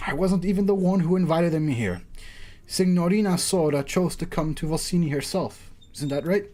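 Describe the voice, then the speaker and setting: A man voicing a smooth, theatrical male director in a game story. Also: on the high side, moderate pace, warm tone, natural voice. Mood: grandiose.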